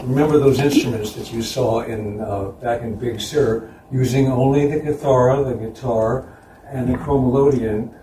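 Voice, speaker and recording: A man delivers a conference lecture about images on screen, relaxed and laughing lightly between points. His voice is mellow and dark, and it is picked up from across an echoey hall. A faint background hiss runs under the talk. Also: medium pitch, moderate pace. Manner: relaxed, chuckling asides. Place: concert hall. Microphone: distant room mic. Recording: roomy, distant hall recording.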